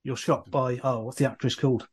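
Husky man steering a podcast chat. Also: mid-range voice, level tone, fairly quick. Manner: prepared, leads with questions and show references. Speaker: podcast co-host.

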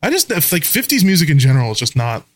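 A young man co-hosting a podcast, chatting casually with friends, crude and quick to laugh. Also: on the high side, big pitch swings. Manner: joking, crude, laughs often. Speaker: podcast co-host. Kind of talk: casual banter among friends.

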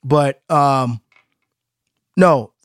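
A man co-hosting a casual podcast, telling stories in an animated way and laughing easily. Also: mid-range voice, very slow, clear, resonant tone, dry recording, studio quality. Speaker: podcast co-host.

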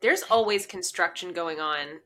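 A woman's voice: on the low side, a little slow, sharp tone, a little hiss or hum. A woman co-hosting a podcast in casual chat, laughing easily and asking short questions. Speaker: podcast co-host.

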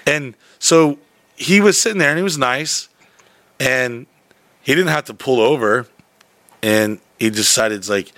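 A man's voice: medium pitch, unhurried, long pauses, dry recording. A man in a loose, rambling storytelling chat, swearing freely and jumping between his own voice and impressions of others. His voice sits in an ordinary middle register, recorded close and dry with no room sound. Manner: profane, rambling, animated storyteller.

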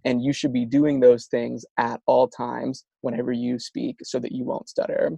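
A man's voice: mid-range voice, level tone, normal speed, vocal fry, dark tone, slightly rough, no echo. A man in an interview, explaining speech therapy techniques while stuttering with frequent sound repetitions and restarts. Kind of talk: conversational explanation.

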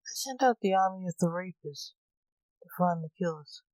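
A woman narrating a story in a calm, even reading voice. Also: fairly low pitch, normal speed, no echo.

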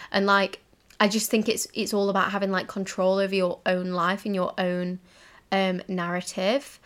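A woman's voice: mid-range voice, flat delivery, moderate pace. A young woman hosting a casual solo podcast from home, talking in a rambling, giggly way with lots of fillers. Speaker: podcast host. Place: home, indoors, in a cozy room.

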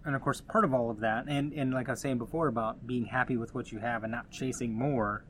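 A man's voice: mid-range voice, steady tone, a little fast, a bit bright, slight background noise. A man hosting his own podcast, talking casually in a conversational, rambling way with frequent restarts and asides. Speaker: podcast host. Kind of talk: casual solo podcast talk.

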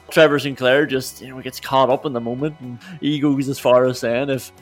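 A man's voice: medium pitch, a little fast, soft background music. A man co-hosting a casual football podcast, ranting in a sarcastic, exasperated way. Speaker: podcast co-host.

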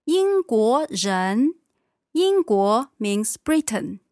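A woman teaching a language lesson, patiently giving short confirmations and modeling phrases slowly. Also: on the high side, sing-song, darkish tone, dry recording, clean studio sound.

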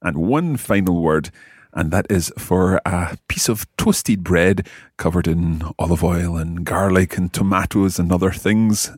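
A man's voice: low-pitched, measured pace, darkish tone, breathy edge, no room sound, studio quality. A man hosting a language-lesson podcast as the teacher, with an enthusiastic, teacherly delivery.

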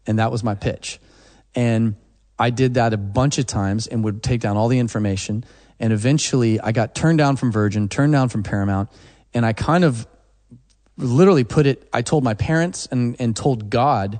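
A man's voice: medium pitch, moderate pace, darkish tone, big-room sound. A man, a musician guest, telling a story in a casual interview and acting out the phone calls he once made.

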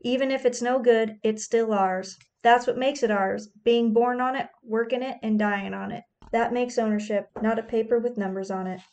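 A woman's voice: on the high side, fairly even intonation, moderate pace, few pauses, darkish tone, lightly acted. A woman reading the lines of desperate poor tenant farmer men, pleading and urgent in her own voice. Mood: defiant.

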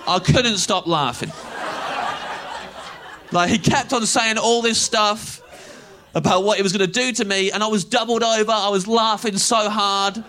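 A young English comedian with a high voice tells a long, self-mocking story on stage in an English accent. He speaks at a measured pace with frequent pauses, animated and laughing through his lines.

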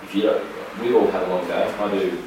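An Australian man with a low voice tells stories in a blunt, laid-back way and swears freely. He sits well back from the mic. The room is very echoey, with steady background noise. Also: fast talker, recorded from a distance. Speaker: podcast guest. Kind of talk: casual storytelling.

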